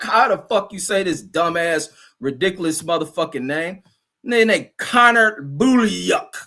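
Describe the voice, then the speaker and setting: High-voiced man ranting, heavy slang. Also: expressive, moderate pace. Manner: loud, combative, heavy cursing, stumbles over names. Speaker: show host. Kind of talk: profane live-stream rant.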